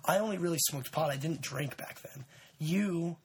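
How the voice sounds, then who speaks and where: A man's voice: fairly high pitch, moderate pace, husky. Laid-back young man telling stories. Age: 20s. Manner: laid-back, rambling with many fillers and shout-outs. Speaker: podcast host. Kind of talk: casual storytelling chat.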